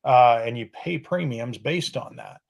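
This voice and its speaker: A man's voice: mid-range voice, a little slow, vocal fry, muffled recording. A male podcast guest explaining how roof insurance works, filling his sentences with "you know" and "um".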